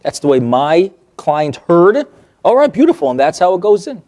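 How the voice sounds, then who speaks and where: A man with a slightly high-pitched voice leads a therapy workshop, telling client stories with animation. He acts out what people said and keeps checking in with his listeners. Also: moderate pace. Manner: animated, acts out quoted remarks, checks in with the audience. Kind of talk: lively workshop lecture told through client stories.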